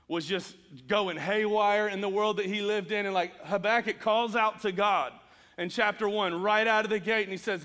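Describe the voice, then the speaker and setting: A man's voice: sits high, steady tone, moderate pace, bright, forceful tone, big-room sound. A man preaching a sermon, earnest and emphatic as he reads scripture and speaks to the congregation. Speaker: pastor.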